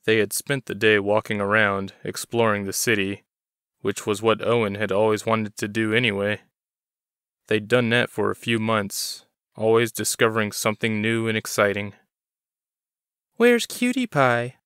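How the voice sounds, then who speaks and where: Low, smooth male narrator. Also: little pitch movement, normal speed, fairly bright tone, dry recording, clean studio sound. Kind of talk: audiobook reading.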